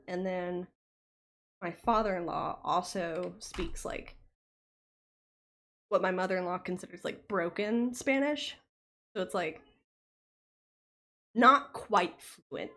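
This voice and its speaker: A woman's voice: medium pitch, steady tone, a little slow, long pauses, a bit bright. Chatty American woman, light Southern lilt. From United States. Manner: rambling, chatty, many "like" fillers. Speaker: livestreamer. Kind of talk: casual chat with viewers.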